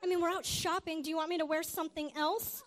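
A woman's voice: very high-pitched, fairly even intonation, fast, some chatter behind, pitched above the performer's own voice. A woman voicing a panicked, bewildered male pharmacist who rambles anxiously and questions himself.

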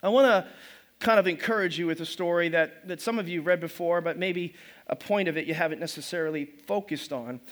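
A man's voice: fairly high pitch, fairly quick. A man pastor preaching a sermon in a loose, conversational way, often restarting his phrases. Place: church service.

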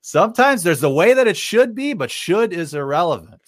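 A man's voice: high-pitched, big pitch swings, moderate pace. A man co-hosting a podcast, teasing and laughing often in casual chat. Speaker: podcast co-host.

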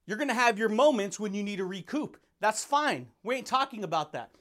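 Brash high-voiced motivational man. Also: animated, fairly quick, few pauses, fairly bright tone. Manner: intense and brash, laughs often, says dude and buddy. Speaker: podcast host. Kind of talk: motivational monologue.

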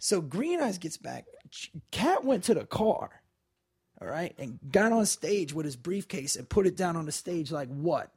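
Husky high-voiced comedian telling stories. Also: male voice, moderate pace. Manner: animated, acts out voices in anecdotes. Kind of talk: casual storytelling chat.

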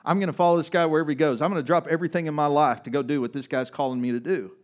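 Male pastor, sermon delivery, conversational, somewhat high-pitched, big swings between loud and soft. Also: fairly even intonation, very fast. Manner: conversational preaching with frequent "right?" asides.

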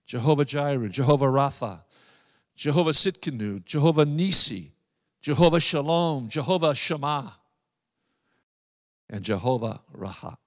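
A man preaching a sermon, emphatic, with drawn-out phrases and repeated lines. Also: medium pitch, lively intonation, long reverb tail. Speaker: pastor.

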